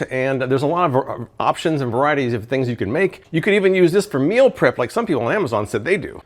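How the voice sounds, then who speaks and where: A man chatting casually in a home kitchen as he tests and reviews kitchen gadgets, thinking aloud while he cooks. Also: on the high side. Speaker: product reviewer. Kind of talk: casual cooking review vlog.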